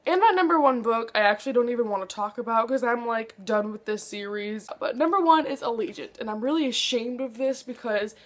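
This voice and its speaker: A woman's voice: fairly high pitch, expressive, fairly quick, few pauses. A young woman book vlogger chatting casually to camera, gushing and dramatic, with lots of "like".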